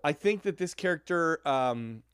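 An upbeat man from Chicago co-hosting a podcast and steering the countdown in casual chat. His voice sits a little higher than most men's and is recorded close and dry. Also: lively intonation, unhurried, a bit bright, clean tone, dry recording. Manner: upbeat, leads the segments. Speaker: podcast co-host.

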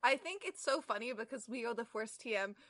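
A woman's voice: fairly high pitch, animated, brisk, bright, forceful tone, no room sound, clean studio sound. A woman co-hosting a comedy podcast, reading fan fiction aloud with laughing, exasperated disgust. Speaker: podcast co-host.

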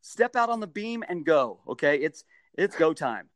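A middle-aged man telling a story in a casual interview, animated, jumping into high-pitched bursts when he acts out what people said. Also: normal speed, dry recording. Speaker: guest, stadium mascot performer.

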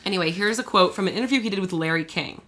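A woman's voice: medium pitch, rapid-fire. Chatty woman telling a story. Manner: chatty, animated, many fillers and laughs. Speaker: podcast co-host telling the story. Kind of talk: casual storytelling chat.

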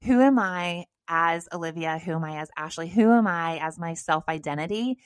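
A woman's voice: fairly low pitch, normal speed, clean tone, dry recording. Upbeat woman podcast co-host, dry sound. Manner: encouraging, direct, addresses listeners as "girl" and "you guys". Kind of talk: casual motivational chat.

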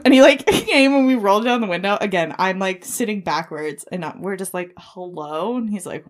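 A woman's voice: lowish voice, a little fast, hardly any pauses. Chatty young woman telling a story. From Pennsylvania, USA. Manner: chatty, laughing, many "like" fillers. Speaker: podcast co-host. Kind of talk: casual chat, storytelling.

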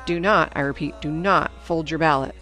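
A woman voicing a stern female junior high teacher who gives brisk, commanding instructions to her class in a storybook reading. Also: sharp tone, faint music behind.

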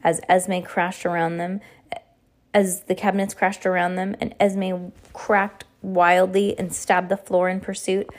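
A woman reads a novel aloud in an unpolished way. She trips over words and corrects herself often, and her voice sits at a mid pitch for a woman. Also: darkish tone. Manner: frequent stumbles and self-corrections. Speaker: reader.

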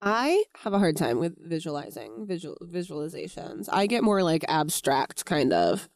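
Podcast co-host, female, playful and lively in pitch, dry mic. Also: no room sound. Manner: playful, joking, quick quips and laughs. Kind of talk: casual chat.

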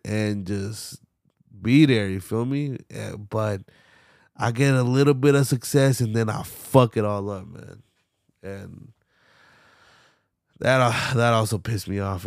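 A young man hosts his own podcast alone, rambling casually and cursing freely, with plenty of fillers and sighs. His voice sits low with a gravelly fry. The sound is dry and close to the mic. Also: slow, a little mellow, no room sound. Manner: loose, profane, frequent fillers and sighs. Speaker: podcast host.

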